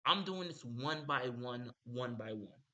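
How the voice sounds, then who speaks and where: A young man with a bright, forceful voice tells a casual story. He rambles and repeats himself often, like a streamer chatting to his viewers. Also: medium pitch, lively intonation, measured pace. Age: young adult. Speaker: streamer host.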